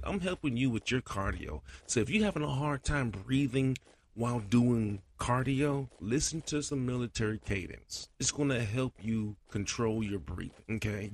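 A man hosting a casual podcast monologue, his voice a little scratchy, talking colloquially and getting animated. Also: mid-range voice. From Florida. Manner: animated, swings loud for chanted cadence bits; colloquial, repeats "you know". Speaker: podcast host, cadence caller.

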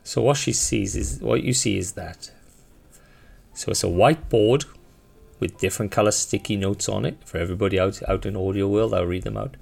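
A man's voice: fairly low pitch, brisk, creaky, a little mellow. A man narrating as game master of a tabletop game, in a casual, rambling manner full of fillers.

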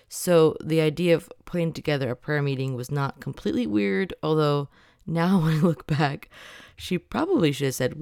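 A woman with a low, gravelly voice tells a personal story with dramatic flair. She pokes fun at herself as she goes, while guitar music plays behind her. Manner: animated, dramatic retelling with self-mocking asides. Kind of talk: personal anecdote, spoken storytelling.

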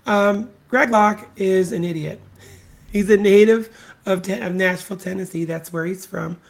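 This adult podcast host has a gravelly mid-range voice and a moderate pace as he delivers his solo commentary. He swears bluntly, sneers, and keeps repeating insults and points to push them.

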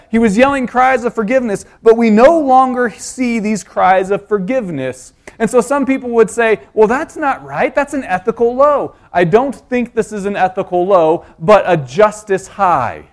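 A man preaching a sermon, teaching earnestly with rhetorical questions and frequent restarts. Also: sits high.

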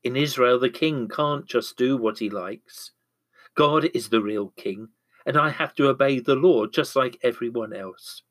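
A man's voice: mid-range voice, measured pace, a bit bright. A man voicing a weak, sulky king who mutters his lines. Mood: glum.

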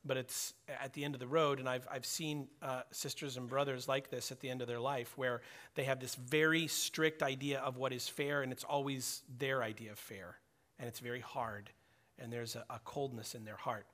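A man's voice: mid-range voice, steady tone, moderate pace, fairly bright tone. A middle-aged man preaching a sermon in a conversational way, acting out prayers and dialogue as he speaks. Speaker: pastor.

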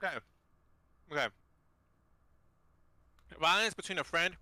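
A man's voice: high voice, a little slow, bright, forceful tone, no echo. A young man co-hosting a casual podcast chat, joking bluntly and swearing freely.

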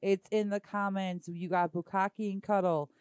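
A woman's voice: mid-range voice, fairly even intonation, moderate pace, darkish tone, clean tone, no echo. A woman co-hosting a casual podcast, playful and giggly, repeating the others' lines. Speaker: podcast co-host. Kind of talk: casual crude chat.

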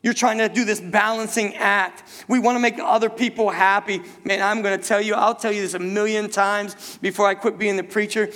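A man's voice: high-pitched, little pitch movement, brisk, hardly any pauses, a bit bright. A male pastor preaching a sermon to his church. He repeats himself, stumbles on words and keeps asking the congregation rhetorical questions. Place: church sanctuary. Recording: long reverb in a hall.

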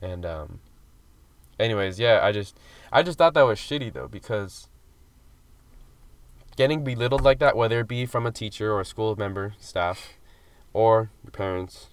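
He's a podcast co-host speaking into a studio mic with a lowish voice, animated at a moderate pace and pausing often. The chat is casual: one long, rambling story packed with fillers and mild swearing.

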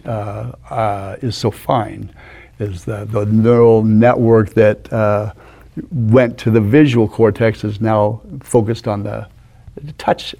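A man in his sixties telling animated stories as a guest in a studio interview, acting out the people in them. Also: lowish voice, creaky. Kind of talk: anecdotal storytelling.

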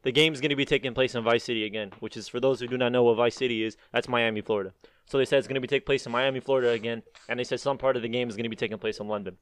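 A man's voice: mid-range voice, steady tone, racing, fairly bright tone, clear, resonant tone. A young man rambling through a casual chat with friends, swearing often and saying "dude" a lot. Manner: rambling and profane, leans on "dude".

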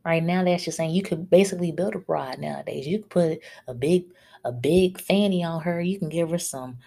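Woman, podcast host, blunt scolding rant, lowish voice. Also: brisk, vocal fry, mellow, husky.

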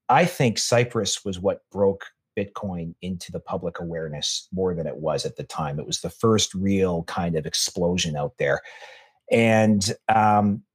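Opinionated low-voiced man. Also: husky. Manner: opinionated, rambling with restarts. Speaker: podcast guest. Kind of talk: casual conversation.

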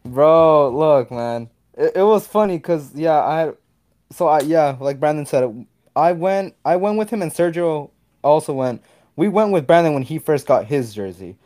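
A young man with a slightly high voice tells a story at normal speed in casual chat. He's animated, swears a lot, and acts out what people said.

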